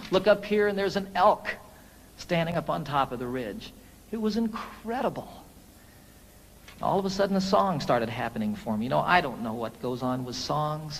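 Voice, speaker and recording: A man's voice: on the high side, big-room sound, slight background noise, rough recording. A man, a singer-songwriter, telling a story to his audience between songs in a folksy, chatty way.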